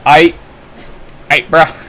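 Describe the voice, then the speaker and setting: A man giving live commentary while streaming a game, excitable and prone to swearing and sudden shouts. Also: very slow, low-quality recording.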